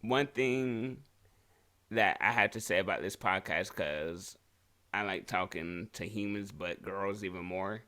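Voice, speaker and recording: Man, podcast co-host, casual storytelling, crude, laughing, lowish pitch, bright forceful tone. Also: measured pace. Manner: crude, laughs often while telling stories.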